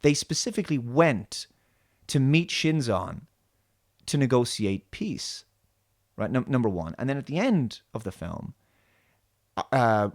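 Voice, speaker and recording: A man's voice: mid-range voice, no room sound, studio quality. A man hosting a solo show, rambling through a sarcastic, mocking commentary rant. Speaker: host.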